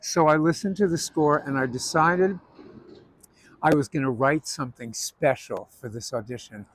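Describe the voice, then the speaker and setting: A man's voice: a little high, moderate pace, fairly bright tone, poor audio. A man hosting a casual chat, telling stories from his stage career. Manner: anecdotal storyteller. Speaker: host.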